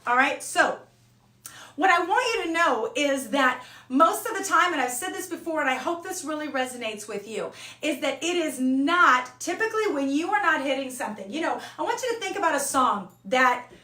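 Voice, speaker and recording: A woman's voice: high voice, expressive, brisk, pushed and bright, echoey room, far from the mic. A woman voice coach teaching an online singing lesson, talking casually and checking in with "okay?" and "all right?" between points.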